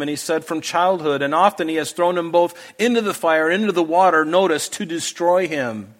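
A man's voice: a little high, a bit bright. A man preaching a sermon to a congregation, earnest and emphatic, pressing his listeners with pleading questions. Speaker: pastor. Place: church hall with a congregation.

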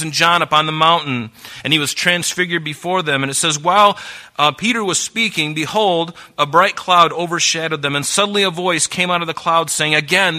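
This slightly high-voiced preacher reads passages of scripture aloud and presses his listeners to mark them in their Bibles. Earnest throughout, he alternates between hushed tones and emphatic ones.

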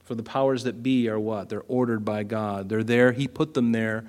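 A man's voice: lowish voice, steady tone, normal speed, darkish tone. Guy preaching, chatty, keeps asking the crowd questions, acts out the quotes. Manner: conversational, asks the congregation questions, acts out quoted lines. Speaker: pastor. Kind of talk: sermon.

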